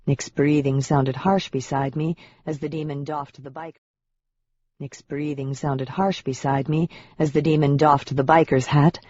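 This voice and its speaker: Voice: mid-range voice, darkish tone, dry recording. Dry, muffled audiobook narration. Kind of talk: first-person scripted narration of a fantasy novel. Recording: dull, dry audiobook recording.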